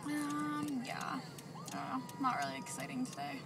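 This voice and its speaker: A woman's voice: on the high side, normal speed, loud music behind the voice. A young woman vlogging as she drives, chatting and venting with lots of filler words. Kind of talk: casual vlog while driving. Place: inside a car. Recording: distant mic with road noise.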